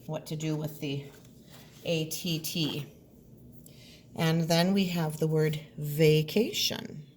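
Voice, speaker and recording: A woman teacher with a low, unhurried voice, carefully sounding out each word for her students. She speaks at a slow, deliberate pace. There is a faint hiss of noise behind her. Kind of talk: recorded classroom lesson.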